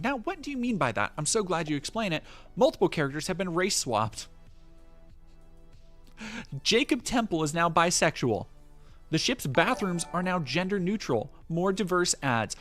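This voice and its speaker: A man doing live-stream commentary, sarcastic and animated, his pitch bouncing all over as he rants. Faint music plays underneath his voice. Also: moderate pace.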